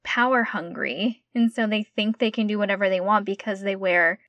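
A woman's voice: medium pitch, normal speed, a bit bright, no echo, highs cut off. A young woman co-hosting a casual chat, emphatic and outraged, often repeating herself. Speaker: podcast co-host.

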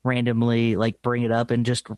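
A man's voice: medium pitch, completely flat delivery, normal speed, darkish tone, clear, resonant tone, no echo. A young man co-hosting a podcast, chatting casually, swearing freely and laughing as he tells stories. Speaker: podcast co-host.

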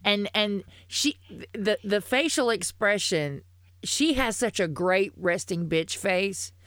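A woman co-hosting a podcast in casual chat, rambling and halting with many restarts, swearing freely. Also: medium pitch, expressive, fairly bright tone, no room sound. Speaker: podcast co-host.

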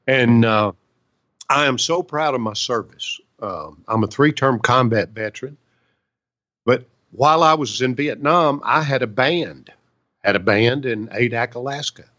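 A man's voice: medium pitch, unhurried, sharp tone, muffled recording. A man in his seventies, a veteran and songwriter, telling stories in a folksy, chatty way during an interview. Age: 70s. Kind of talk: casual storytelling interview.

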